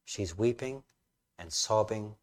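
A man's voice: on the low side, slow. A man preaching a sermon, telling the story vividly and rising to emphatic questions. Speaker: pastor.

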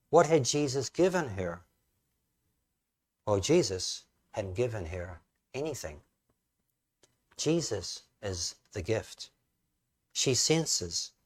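A man preaching a sermon, telling the story vividly and rising to emphatic questions. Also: on the low side. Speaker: pastor.

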